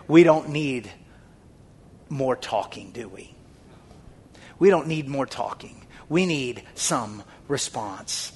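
A man preaching a sermon to his congregation, fervent and repetitive, dropping to a hush and then rising to loud shouted calls. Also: medium pitch, animated, slow pace, long pauses, breathy edge. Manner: swings from hushed, near-whispered lines to loud shouted exhortation. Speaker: pastor.

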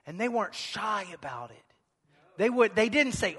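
Man, pastor, sermon, very high voice, emphatic and repetitive, echoey church hall. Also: lively intonation, moderate pace, husky. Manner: emphatic, repetitive, building to shouts.

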